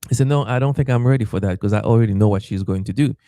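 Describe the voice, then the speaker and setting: Animated man telling a story. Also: fairly low pitch, rapid-fire, no echo, studio quality. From Haiti. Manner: animated, acts out quoted voices, stammers and repeats. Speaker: pastor. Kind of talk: storytelling in a podcast interview.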